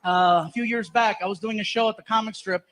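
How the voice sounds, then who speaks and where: High-voiced man telling a stand-up story. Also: brisk. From Los Angeles, USA. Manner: animated, laughs through his own punchlines. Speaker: stand-up comedian. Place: comedy stage before a live audience.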